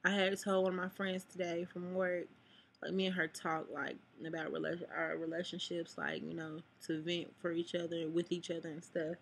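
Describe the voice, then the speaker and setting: A woman's voice: on the low side, little pitch movement, moderate pace, gravelly, slight background noise. A sad, upset young woman venting to viewers in a rambling vlog, cursing freely. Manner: rambling, cusses, addresses viewers. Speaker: vlogger.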